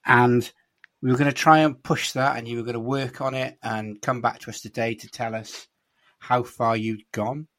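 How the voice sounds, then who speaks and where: A man's voice: mid-range voice, steady tone, moderate pace, fairly bright tone. A man hosting a podcast, teasing and steering a casual chat. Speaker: podcast host.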